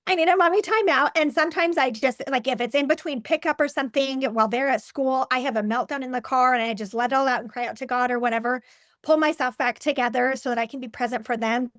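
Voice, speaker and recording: A woman's voice: high-pitched, steady tone, quick pace, no room sound, studio quality. Earnest, reflective woman guest in her forties. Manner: earnest, reflective, frequent fillers and restarts. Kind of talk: personal interview conversation.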